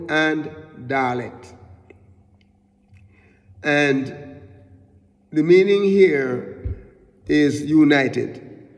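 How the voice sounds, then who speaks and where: Slow, halting male Bible teacher. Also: mid-range voice, darkish tone, big-room sound. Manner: halting, repeats words often, slow and deliberate. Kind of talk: sermon-style Bible teaching.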